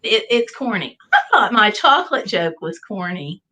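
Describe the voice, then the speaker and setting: On a casual livestream, this middle-aged host from the US reads viewer comments and tells corny jokes, sounding playful and chatty. She speaks at a moderate pace in a mid-range, sing-song voice that's bright and forceful. Audio quality is poor.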